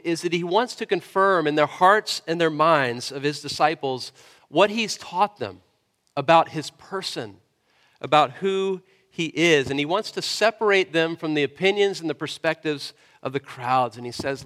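A man's voice: fairly high pitch, normal speed, fairly bright tone, in a large hall. A man preaching a sermon as pastor, earnest and conversational, often checking in with his listeners.

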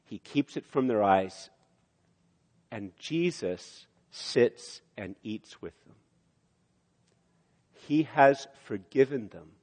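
An older man preaching a sermon, acting out quotes and rising to loud emphasis. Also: mid-range voice, slow, pauses often. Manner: animated, rises loud for emphasis, acts out quotes. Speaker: pastor. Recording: long hall reverb.

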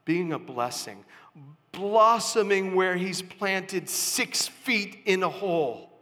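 A man preaching a sermon as a pastor, emphatic, with sudden rises and soft drops. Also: sits high, lively intonation, slow pace, big-room sound.

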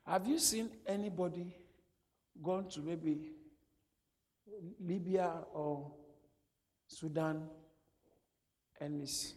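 A man's voice: fairly high pitch, very slow, pauses often. A man preaching a sermon, asking rhetorical questions and joking with his listeners. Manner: animated, rhetorical questions, laughs at own jokes. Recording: long hall reverb.

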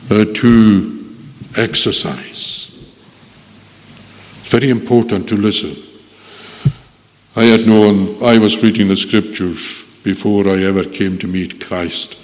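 A man's voice: fairly low pitch, slow, pauses often. A man preaching a sermon with earnest pleading that swells and drops. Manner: earnest pleading, rising and falling. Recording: long echo of a hall.

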